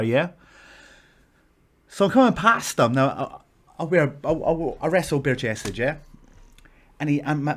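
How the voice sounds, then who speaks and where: A man's voice: fairly high pitch, bright, forceful tone. A Scottish man, a wrestler, telling stories to camera in a casual vlog, swearing freely and acting out the people in them. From Scotland.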